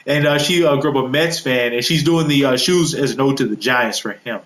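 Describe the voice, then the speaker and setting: A man's voice: mid-range voice, fairly quick, a bit bright, roomy sound, low-quality recording. A man rambling casually through a walkthrough of his created game roster, with lots of fillers and self-corrections. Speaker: gaming video creator.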